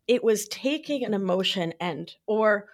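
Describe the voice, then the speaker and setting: A woman talking as a podcast guest, her pitch swinging lively and wide. She chats casually with plenty of "like" and "right?", and now and then she jumps into a high, sing-song playful voice. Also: unhurried. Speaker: podcast guest, nurse practitioner.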